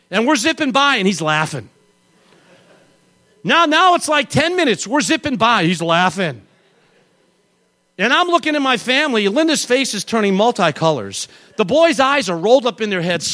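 A middle-aged man preaching a sermon and telling a lively personal story, acting out voices and yelling along the way. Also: sits high. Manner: animated storyteller, acts out voices and yells. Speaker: pastor.

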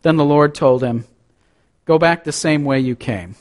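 A man's voice: fairly high pitch, unhurried. A man preaching a sermon, reading scripture aloud with dramatic rises and drops and adding conversational asides. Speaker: pastor.

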